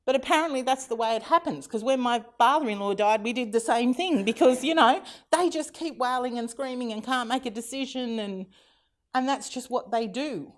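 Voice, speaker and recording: A woman's voice: fairly high pitch, normal speed. A middle-aged Australian woman giving a keynote talk, telling funny family anecdotes in a chatty way and acting out the quotes, with frequent laughter. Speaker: keynote speaker. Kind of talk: conference keynote storytelling.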